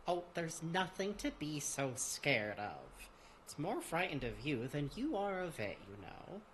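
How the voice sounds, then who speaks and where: A man voicing a calm, gentle bug enthusiast who talks soothingly and teases a little. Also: fairly high pitch, measured pace, a little hiss or hum, exaggerated voice. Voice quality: soft, soothing, gently teasing.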